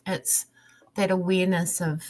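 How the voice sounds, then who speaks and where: A woman's voice: fairly low pitch, little pitch movement, measured pace, darkish tone. A woman on a livestream video call, chatting candidly and rambling, with frequent restarts and small laughs. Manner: rambling, restarts often, laughs, acts out her son's pleading. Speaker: livestream guest. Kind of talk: candid personal chat.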